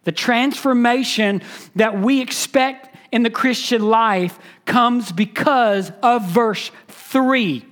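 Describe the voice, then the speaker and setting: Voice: medium pitch, slow pace, a bit bright. A pastor preaching an expository sermon, emphatic and teaching, repeating key phrases and asking the listeners questions.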